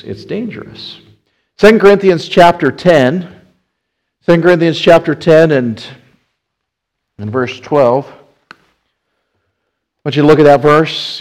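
A man's voice: mid-range voice, darkish tone, low-quality recording. A man gives a sermon in a church, his voice sitting in the middle range. He speaks casually and down to earth, circling back and restarting phrases as he works through his point. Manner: conversational preaching with frequent restarts. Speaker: pastor.

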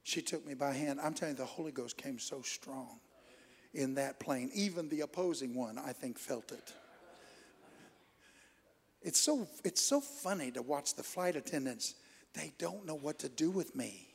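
Brief: high-pitched male Pentecostal preacher, fervent, bursts into tongues, long church-hall reverb. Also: expressive, moderate pace, vocal fry. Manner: fervent, swells into exclamations and speaking in tongues. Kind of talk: Pentecostal sermon.

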